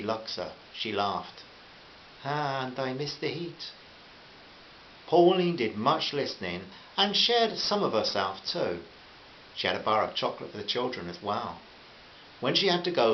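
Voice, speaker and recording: A man reading a short story aloud in a gentle, friendly way, addressing listeners as friends. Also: medium pitch. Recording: muffled roomy recording with faint hiss.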